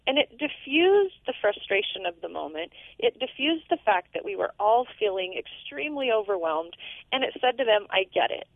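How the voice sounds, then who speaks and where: A woman's voice: fairly high pitch, very animated, moderate pace, no echo. A middle-aged mother telling a parenting story in an earnest, storytelling way. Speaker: parenting guest. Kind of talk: casual chat. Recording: tinny phone line.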